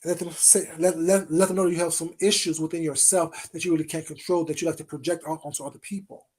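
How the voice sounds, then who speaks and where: Sarcastic vlogger calling someone out; mid pitch, taunting, drawls "baby" and "sweetheart". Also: level tone, quick pace, darkish tone. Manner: asks pointed rhetorical questions again and again. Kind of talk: confrontational call-out rant.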